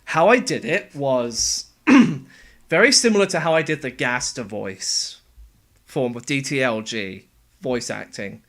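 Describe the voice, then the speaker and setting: A young man casually explaining how he made game voices, talking in a relaxed, halting way. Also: mid-range voice. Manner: halting, relaxed, with fillers and restarts. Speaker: game voice actor and sound editor. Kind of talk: casual developer commentary.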